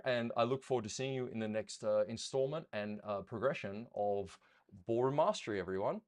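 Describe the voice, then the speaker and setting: A man teaching ballroom dance in a members' Q and A, explaining patiently, counting steps aloud and checking that his listeners follow. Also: medium pitch.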